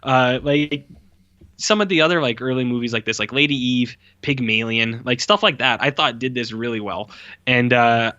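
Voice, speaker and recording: A man's voice: medium pitch, moderate pace, sharp tone, no room sound, muffled recording. A man co-hosting a podcast, giving a blunt, profane film review and mocking it with quoted voices. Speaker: podcast co-host. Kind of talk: casual film review chat.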